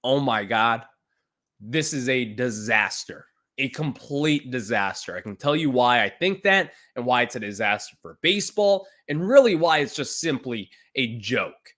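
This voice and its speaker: A man's voice: medium pitch, animated, measured pace, fairly bright tone. A man hosting a sports podcast, ranting emphatically about a baseball contract. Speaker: podcast host.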